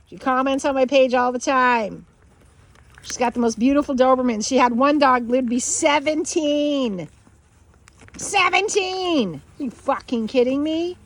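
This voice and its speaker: A woman who breeds dogs, chatting casually outdoors and slipping into baby talk with her puppies, swearing freely. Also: on the high side. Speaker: dog breeder. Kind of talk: casual vlog chat with puppies.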